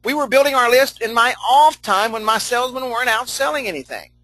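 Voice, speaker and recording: A man's voice: very high voice, expressive, a little fast, bright, forceful tone, dry recording, low-quality recording. A middle-aged man leading a live online training session, folksy and chatty, laughing often, repeating himself and answering chat comments as he goes.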